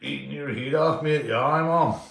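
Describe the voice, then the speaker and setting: A man's voice: medium pitch, normal speed, vocal fry, a bit bright. Rambling sweary Northern Irish man, roomy echo. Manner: rambling, sweary, laughs through his stories, peppers lines with "mate". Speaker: live streamer. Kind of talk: rambling live-stream storytelling and shout-outs.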